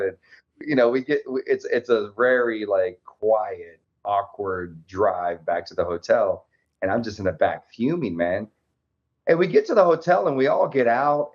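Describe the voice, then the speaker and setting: A man guest telling a personal story candidly in an interview, lively and laughing often, acting out the dialogue. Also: mid-range voice. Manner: animated, laughs often, acts out quoted dialogue. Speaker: podcast guest, army veteran. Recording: slightly dull lo-fi audio.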